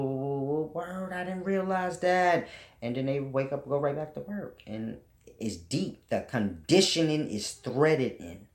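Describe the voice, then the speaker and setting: Blunt, profane man ranting in a roomy space. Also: on the low side. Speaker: channel host teaching spiritual ideas. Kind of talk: casual preachy monologue.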